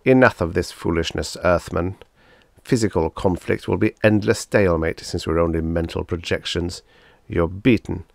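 A man's voice: deep voice, moderate pace, gravelly, no room sound, studio quality. A man voicing a mocking giant male alien swordsman, scornful and taunting.

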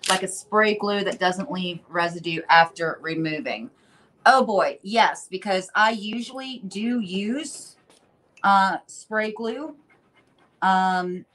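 A woman's voice: mid-range voice, a bit bright. Chatty woman hosting a craft livestream. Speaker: host of a furniture painting livestream. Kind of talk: casual livestream chat, reading viewer comments.

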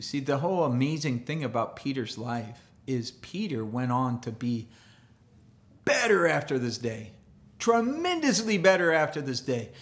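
Pastor guy preaching, lively, does little voices for the people he quotes. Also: mid-range voice. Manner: animated, acts out quoted voices, laughs often. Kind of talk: sermon. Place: church.

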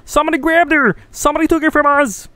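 A man's voice: steady tone, fast talker, pushed and bright, no room sound. A man putting on a Kermit-style frog puppet voice to read newspaper text aloud from a game. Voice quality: high nasal puppet voice.

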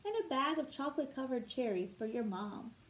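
A kindly old shopkeeper in a read-aloud storybook, gentle and folksy, as a woman voices him. The voice stays fairly high and soft-spoken. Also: lively intonation, brisk, reverberant, close to an everyday voice.

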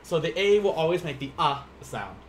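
A young man hosting a casual home livestream lesson, his voice riding up and down in lively swings and sitting a touch high for a man. He rambles with plenty of fillers and pokes fun at himself. A faint hiss sits under the recording. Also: normal speed. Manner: rambling, self-mocking, laughs often, lots of fillers. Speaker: Japanese teacher. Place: home room.

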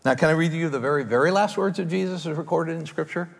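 A male pastor preaching a sermon in a lively, conversational way, often restarting phrases, with a gravelly, husky voice. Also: on the high side, quick pace, hardly any pauses, big-room sound. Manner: animated, conversational preaching with repeated starts. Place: large church hall.

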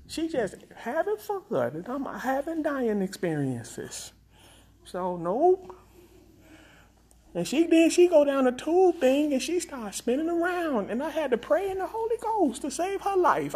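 Man doing a comic live-stream rant, husky and gravelly, pitch leaping all over. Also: a little slow. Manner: exaggerated, dramatic complaining with big pitch swings; repeats a flat "nope". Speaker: comedic vlogger.

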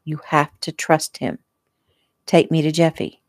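A woman voicing a calm, determined father who speaks quietly and steadily. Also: deep voice, a little slow, dry recording.

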